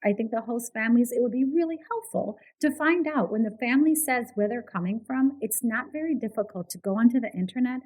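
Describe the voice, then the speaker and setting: A woman's voice: a little high, expressive, a little fast, hardly any pauses, a little mellow, breathy edge, poor audio. A woman guest on a podcast, a behaviour analyst, talking in earnest, casual interview style and often checking in with "right?". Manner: earnest, repeats words, says "right?" often.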